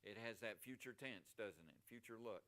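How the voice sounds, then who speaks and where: A man's voice: on the low side, moderate pace, sharp tone. A male pastor preaching a sermon at a church service, emphatic and full of rhetorical questions to the congregation.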